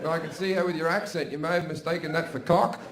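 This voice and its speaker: An Australian stand-up comedian with a slightly high voice and fairly even intonation talks fast, telling crude stories packed with swearing and asides. He's on stage before a laughing live audience, the crowd loud and very noisy in the roomy venue sound.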